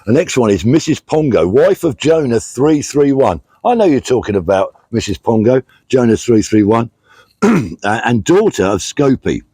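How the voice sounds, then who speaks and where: Out on a country walk, this middle-aged British charity walker vlogs casually, talking plainly and thanking donors by name, full of filler words. He speaks at a normal speed in a mid-range voice that is mellow, husky and very animated. The sound is dry.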